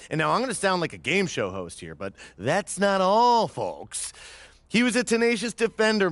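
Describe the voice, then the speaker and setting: A man's voice: a little high, a bit bright, no echo. A man narrating a scripted basketball ranking, talking players up with emphatic, hype-filled delivery. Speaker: basketball commentator.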